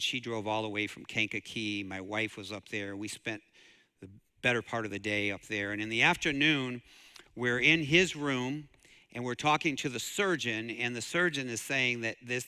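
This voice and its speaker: A man's voice: medium pitch, pushed and bright, clean tone, in a large hall. A man from the preaching a sermon as pastor, telling a story and rising to fervent emphasis. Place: church sanctuary.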